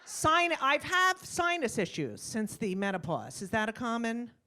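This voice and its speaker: Woman, middle-aged, stand-up comic, brash, swearing, lively swooping voice, slightly high. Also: unhurried. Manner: brash, animated, acts out voices, swears freely. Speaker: stand-up comedian. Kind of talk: stand-up comedy set. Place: comedy club stage.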